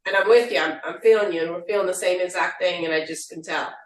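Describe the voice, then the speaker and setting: A woman's voice: on the low side, fast, reverberant. Distant woman co-hosting an online meeting. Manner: warm, repeats reassurances. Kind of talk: moderating a video call.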